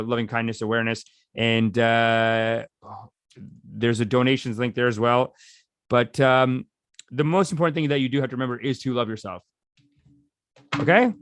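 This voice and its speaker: A man's voice: mid-range voice, a bit bright, clean tone, no room sound, clean studio sound. A man leading a live meditation session, talking in a rambling, casual way and reading viewer comments aloud. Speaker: meditation teacher. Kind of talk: casual livestream meditation talk.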